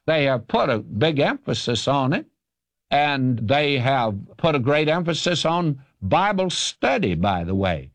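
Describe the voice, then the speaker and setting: A man's voice: medium pitch, sing-song, measured pace, no room sound. Older man teaching emphatically. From American South. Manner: emphatic, folksy, opinionated. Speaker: Bible teacher. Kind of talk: radio question-and-answer teaching.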